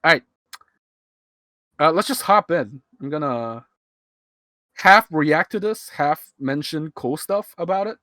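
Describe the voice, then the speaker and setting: A man's voice: a little high, animated, slow pace, pauses often, pushed and bright, no echo, clean studio sound. A man in his twenties from Hong Kong with a half-American Hong Kong English accent. He rambles and chuckles through casual commentary into a cheap USB mic. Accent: Hong Kong English, partly American-leaning. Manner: rambling, chuckling, self-mocking. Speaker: streamer commenting on his old video. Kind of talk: casual live-stream commentary. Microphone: cheap USB microphone.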